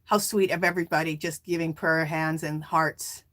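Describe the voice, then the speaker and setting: A middle-aged woman hosting a casual live stream, chatting and reading viewer comments aloud in a warm, emotional way. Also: deep voice, steady tone, moderate pace. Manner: warm and emotional, near tears.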